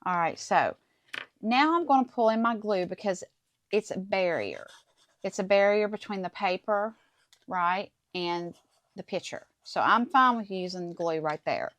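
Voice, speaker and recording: A woman's voice: mid-range voice, animated, measured pace, fairly bright tone, no echo. A middle-aged woman hosting a casual craft tutorial, chatting to viewers as she works through each step. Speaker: crafting channel host.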